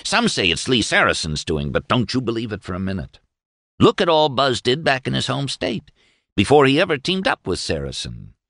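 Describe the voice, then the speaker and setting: In an audiobook reading, a man performs a full character voice for a pompous, overly cordial young male lawyer whose speech is stiff, formal, and senatorial. The voice sits at medium pitch, raised above his natural register, with huge pitch swings, a gravelly yet fairly bright tone, and normal speed. The recording is clean studio sound with no echo.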